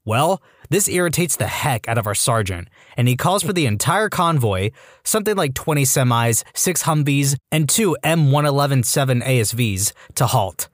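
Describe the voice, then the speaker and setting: Lively male story narrator, dry mic. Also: medium pitch, normal speed, dry recording. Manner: lively reading with voiced character quotes. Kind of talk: scripted narration of online stories.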